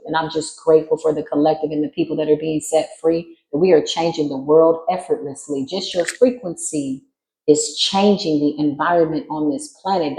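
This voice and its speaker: A woman giving a spiritual reading in a casual monologue, brash and sassy, swearing freely and jumping into sudden high squeals. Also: a little mellow, echoey room, poor audio. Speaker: spiritual reader.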